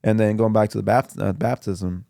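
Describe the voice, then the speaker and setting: A man telling a personal story on a podcast, halting and repeating his words often. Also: on the low side, steady tone, vocal fry, mellow, dry recording, studio quality. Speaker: podcast guest. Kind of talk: casual storytelling.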